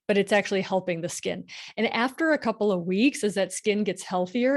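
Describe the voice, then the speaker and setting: A middle-aged woman physician hosting a casual live-stream Q&A, talking with frequent "like"s and animated bursts of emphasis, through a headset mic at home. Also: medium pitch, fairly quick, few pauses. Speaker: physician podcast host answering listener questions. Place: home room with bookshelf. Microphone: headphones with mic on a live stream.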